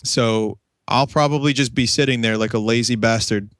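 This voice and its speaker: A man's voice: medium pitch, steady tone, normal speed, fairly bright tone, no room sound, studio quality. A man co-hosting a casual gaming podcast, laid-back, joking and profane, voice a bit strained. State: voice strained after a convention. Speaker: podcast co-host.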